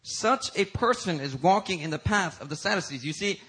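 Pastor, male, bright husky voice, preaches with emphatic high climbs and casual y'all asides. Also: expressive, a little fast, rough recording. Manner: emphatic preaching that rises to high, loud peaks. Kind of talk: sermon.

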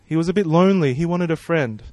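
A man's voice: on the high side, fast, darkish tone, dry recording. A man preaching a sermon in a friendly, conversational way, praying and asking the congregation questions. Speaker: pastor.

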